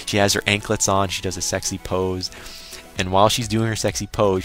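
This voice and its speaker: A young man with a low, deep voice recaps an anime episode in a loose, swearing, chatty way. He acts out his own reactions along the way, over faint music. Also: fairly bright tone. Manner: crude, exclaiming, mock-quoting himself. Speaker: anime reviewer.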